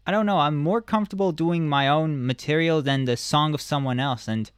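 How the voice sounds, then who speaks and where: A man with a fairly high, smooth voice chats as a guest on a radio show. He hesitates often and fills pauses with "um" while he works out his thoughts. The recording is dry and close. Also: no room sound. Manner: hesitant, many ums, thinks aloud. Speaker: stand-up comedian and guest. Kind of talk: casual chat.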